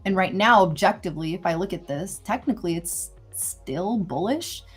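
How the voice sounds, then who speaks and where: A woman's voice: lowish voice, expressive, moderate pace, breathy edge, soft background music. Chatty woman hosting live trading. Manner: chatty, laughs easily, thinks aloud. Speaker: host trader. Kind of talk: casual live trading commentary.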